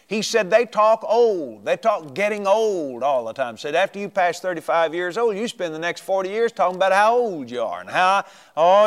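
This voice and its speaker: A man preaching a sermon, telling a story and quoting scripture with emphatic, drawn-out delivery and sudden rises in pitch. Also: fairly bright tone.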